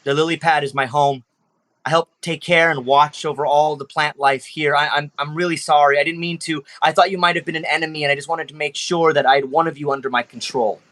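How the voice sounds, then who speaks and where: A man's voice: fairly high pitch, fairly even intonation, brisk, a bit bright, natural voice. A man voicing a timid young female siren who guards a garden, pleading and apologetic.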